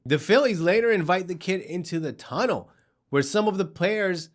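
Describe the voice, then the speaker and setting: Lively sarcastic comedy news host, a man. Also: high voice, moderate pace. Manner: sarcastic, mocking, acts out characters.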